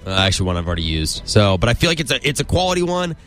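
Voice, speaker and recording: A man's voice: lowish voice, big pitch swings, very fast, a bit bright, soft background music. A young man co-hosting a casual podcast, chatty and rambling, often correcting himself. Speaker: podcast co-host. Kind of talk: casual chat.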